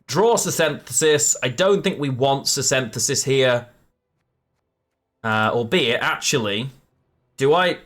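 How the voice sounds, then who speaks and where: A man's voice: mid-range voice, animated, a little slow, long pauses, a bit bright. A man live-streaming a card game, chatting with viewers and correcting himself as he plays. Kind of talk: live game commentary to chat.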